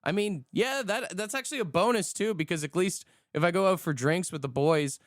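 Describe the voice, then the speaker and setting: A man's voice: high voice, brisk, no echo, studio quality. A man hosting a morning radio show, chatting casually and joking with callers. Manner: joking, laid-back banter.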